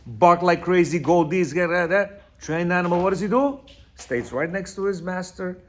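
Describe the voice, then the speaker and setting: A man's voice: high-pitched, normal speed, slight background noise. A man teaching on marriage and self-control, reading passages aloud and explaining them with frequent asides. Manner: reads quotes aloud, then explains with asides and constant "you hear?", "right?"; sometimes stumbles over Hebrew words. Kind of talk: informal religious teaching talk.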